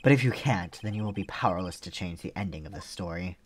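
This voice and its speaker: A man's voice: deep voice, fast, slight background noise, lightly acted. A man voicing a composed, proud male prosecutor who speaks in a formal, lecturing way, reading game dialogue aloud. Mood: stern.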